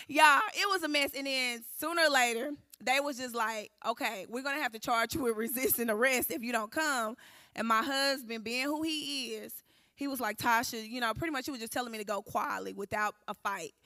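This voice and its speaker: Animated woman telling her testimony. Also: fairly high pitch, brisk, no room sound, studio quality. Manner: animated storytelling, acting out quotes, addressing the room as y'all. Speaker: testimony speaker at church recovery service. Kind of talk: emotional personal testimony.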